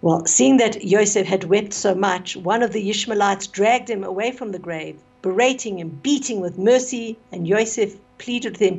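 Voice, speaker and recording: A woman's voice: medium pitch, normal speed, hardly any pauses, slightly rough, lo-fi sound. Woman telling a story on radio. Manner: expressive retelling with fillers.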